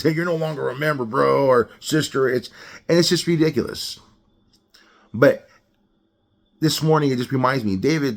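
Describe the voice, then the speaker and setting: A man giving an informal devotional sermon, talking conversationally, often repeating and restarting words and acting out short panicked voices. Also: mid-range voice. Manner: conversational, acts out panicked voices in quick asides. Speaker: preacher.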